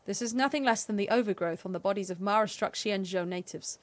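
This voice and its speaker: A woman's voice: mid-range voice, fast, lightly acted. A woman reading the lines of a nervous, secretive male alchemist healer aloud from a game, in her own voice. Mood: guarded.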